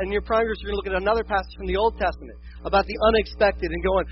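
A man preaching a sermon as a pastor, animated and acting out quoted voices. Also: sits high, quick pace, hardly any pauses, muffled recording, slight background noise.

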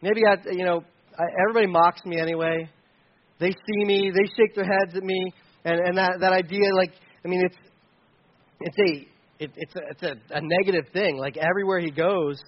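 A man preaching a sermon in an earnest, conversational way, with many restarts and asides, rising to loud pleading and dropping to quiet remarks. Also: sits high, fairly even intonation, moderate pace. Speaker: pastor. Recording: dull lo-fi sound.

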